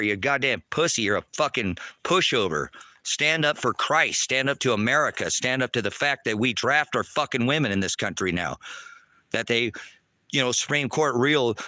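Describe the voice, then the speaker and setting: A man ranting angrily on a livestream from outdoors at a rural homestead, taunting and cursing, often shouting. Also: medium pitch, no room sound, studio quality. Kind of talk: angry livestream rant.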